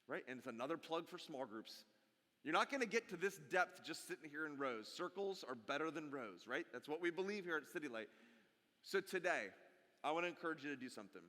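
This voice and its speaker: A man in his forties preaches to his congregation in a bright, high voice that swings widely up and down. He is animated and jokey and speaks straight to the people in front of him, and his words ring out with a long reverb from a church hall. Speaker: pastor. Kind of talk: sermon. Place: church sanctuary.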